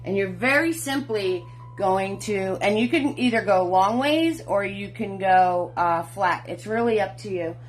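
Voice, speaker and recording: Her mid-range voice is expressive and a little slow, with slight background noise and faint music. She's a middle-aged woman teaching painting live online, greeting viewers by name, calling them sweetheart and hun, and chatting encouragingly.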